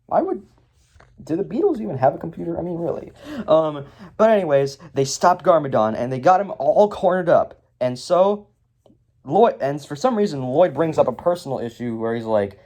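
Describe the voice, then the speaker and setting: A man's voice: on the high side, sing-song, normal speed, dark tone. A young man casually reviewing a movie, rambling with lots of ums and sarcastic asides.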